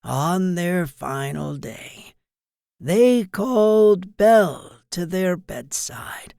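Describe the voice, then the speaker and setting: A storyteller reading a fairy tale aloud softly and soothingly, as a bedtime story. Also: medium pitch, animated, extremely slow, gravelly, no echo, studio quality.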